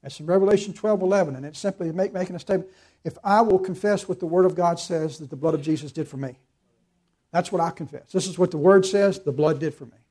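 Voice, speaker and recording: A man's voice: a little high, mellow, husky. A pastor preaching an earnest, emphatic sermon, quoting scripture and calling his listeners to forgive.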